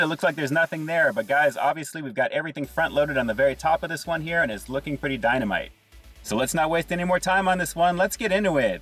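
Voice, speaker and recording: A man casually reviewing fast food on his vlog, upbeat and full of catchphrases, talking to viewers as "guys". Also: fairly high pitch, fairly bright tone, husky, distant mic.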